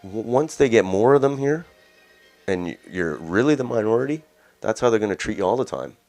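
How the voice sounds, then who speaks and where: A man's voice: lowish voice, lively intonation, a little fast, a little mellow, faint music behind. A Canadian man hosting a news commentary show, talking in a blunt, scornful, ranting way. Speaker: host.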